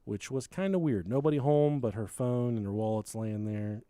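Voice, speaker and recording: A man's voice: mid-range voice, moderate pace, mellow, clean tone, no echo. A man hosting a podcast, chatting casually about a true crime case, joking and swearing as he tells it. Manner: joking, swears, quotes people in silly voices. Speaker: podcast host.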